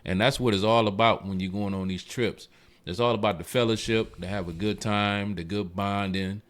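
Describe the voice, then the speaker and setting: A man, a car club president, telling stories in a casual interview and acting out the voices of the people he quotes. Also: moderate pace. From Michigan. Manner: animated, acts out quoted voices with big jumps in pitch.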